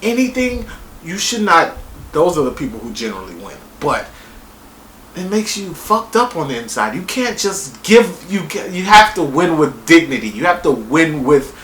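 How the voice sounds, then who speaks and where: Man, casual review, lively swinging pitch, excitable, swears a lot, roomy echo, faint hiss. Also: moderate pace. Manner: excitable, profane, rambling. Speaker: TV show reviewer.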